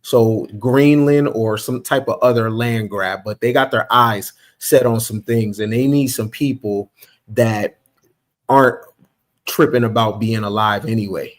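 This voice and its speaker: A man's voice: fairly low pitch, steady tone, a little slow. A man on a panel debate who rambles and thinks aloud while making his point. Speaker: panel guest.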